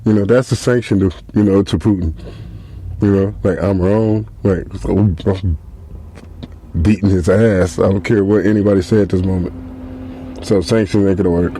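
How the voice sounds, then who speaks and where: A man's voice: deep voice, fairly even intonation, normal speed, long pauses, mellow, husky. A man hosting a podcast, telling a comic story in a casual, profane, rambling way with lots of fillers. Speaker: podcast host. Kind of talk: comedic storytelling monologue.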